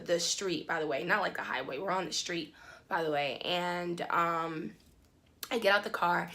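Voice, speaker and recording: A young woman talks straight to her followers in a loose storytime vlog. She rambles with plenty of "like" and "um", and her voice shoots up high when she gets indignant. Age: young adult. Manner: animated, rising high when indignant, many "like" and "um" fillers. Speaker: vlogger.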